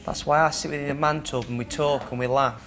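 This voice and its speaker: A man gently reassuring an upset housemate, rambling a little as he talks him round. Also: on the high side, steady tone, fast. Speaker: fellow housemate. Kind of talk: reassuring casual talk.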